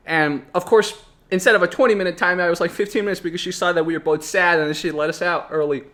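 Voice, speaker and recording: Young man, fairly high voice, reflective personal storytelling, loose and rambling with many restarts. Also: fairly bright tone. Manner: rambling, with frequent restarts and asides. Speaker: vlogger.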